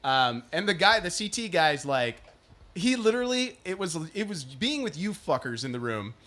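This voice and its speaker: A man co-hosts a casual podcast, spinning a long anecdote and slipping into the voices of the people he quotes. His voice is bright and sits a little high. He laughs often as he talks. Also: normal speed. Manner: animated storyteller acting out quoted people. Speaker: podcast co-host. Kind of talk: casual chat, storytelling.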